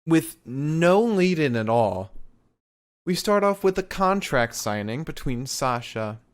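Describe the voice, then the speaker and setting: A young man talks through a wrestling episode in a relaxed, unhurried podcast chat. His voice is smooth and clean, and he takes his time. He swears casually as he recaps. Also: fairly high pitch. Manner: laid-back, swears, mimics wrestlers in quotes. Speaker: podcast co-host.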